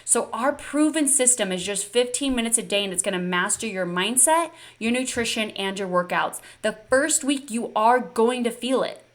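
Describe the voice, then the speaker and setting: A woman's voice: a little high, animated, normal speed, hardly any pauses. A woman fitness coach leading a live online session, upbeat and encouraging and talking straight to her viewers.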